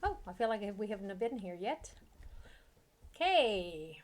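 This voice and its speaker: A woman's voice: mid-range voice, sing-song, a little slow. A woman streaming a game, chatting casually, giggling, and reading the game's text aloud. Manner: giggly, chatty, trails off into asides.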